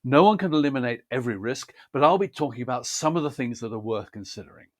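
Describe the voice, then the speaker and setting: A man explains poetry reading in a careful, precise teaching manner. His pitch sits in an ordinary middle range, and he lays out each point methodically. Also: lively intonation, fast talker. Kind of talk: scripted instructional talk.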